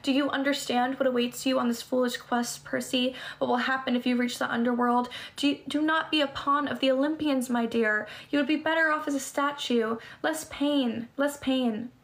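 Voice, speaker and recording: A woman's voice: sits high, fairly even intonation, normal speed, hardly any pauses. Woman reading as Medusa, a coaxing monster. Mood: soothing. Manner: soothing, coaxing purr. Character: old female monster, soft-spoken and menacing. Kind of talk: reading a novel aloud.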